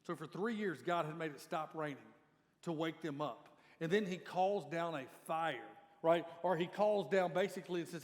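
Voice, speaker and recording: A man's voice: on the high side, moderate pace. A man preaching a sermon as lead pastor, speaking conversationally and appealing directly to his congregation. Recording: reverberant church hall.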